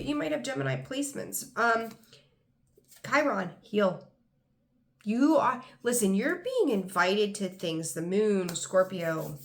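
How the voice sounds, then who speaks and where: A woman's voice: medium pitch, gravelly, a bit bright. A woman giving a casual tarot reading to camera, rambling and enthusiastic, with frequent ums. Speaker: tarot reader.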